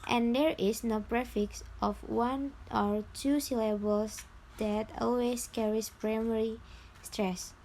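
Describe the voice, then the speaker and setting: A young woman reads her class notes at a slow pace, breaking them into short phrases. Her voice sits somewhat high, with a faint hum of room ambience behind it. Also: steady tone, a little mellow, poor audio. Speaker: student presenter. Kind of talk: classroom presentation.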